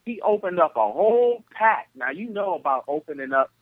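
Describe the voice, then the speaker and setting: A man from Flint, Michigan, telling stories as a podcast guest over the phone, animated and acting out the people in them. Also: sits high, moderate pace, no echo. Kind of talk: casual storytelling on a podcast. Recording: tinny phone line.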